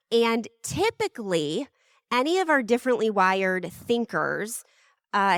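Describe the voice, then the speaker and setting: A woman podcast host talking in a chatty, enthusiastic way. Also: medium pitch. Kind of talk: podcast ad read and talk. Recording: music bed behind voice.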